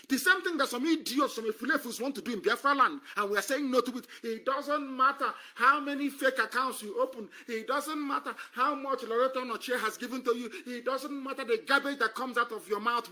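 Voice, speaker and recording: A high-pitched, sharp-toned man from Nigeria delivers an impassioned political monologue on a live stream. Scornful and emphatic, he repeats phrases for effect.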